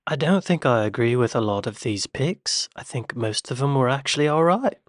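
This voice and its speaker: A man's voice: medium pitch, expressive, normal speed, dry recording. An American man gives casual reaction commentary, joking and speaking directly to his viewers. His voice sits in an ordinary middle range. The recording is dry and close, with no room sound. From United States. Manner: joking, talks straight to the camera. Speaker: reaction video host.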